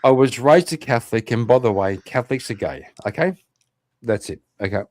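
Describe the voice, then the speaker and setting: A man with an Irish accent hosting an online interview show, chatting casually, animated and swearing freely. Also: medium pitch, a little fast. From Ireland. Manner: animated, swears a lot, laughs often. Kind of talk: casual livestream chat.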